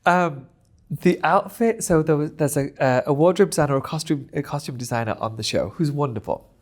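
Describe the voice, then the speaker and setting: A man speaking as a guest in a casual interview, animated and expressive, often breaking into laughter. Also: fairly high pitch, a little fast.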